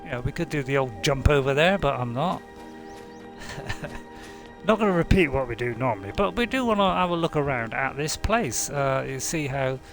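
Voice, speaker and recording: A man's voice: mid-range voice, lively intonation, normal speed, faint music behind. Chatty man narrating gameplay. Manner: chatty, rambling, many fillers and asides. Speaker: game streamer. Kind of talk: casual let's-play commentary.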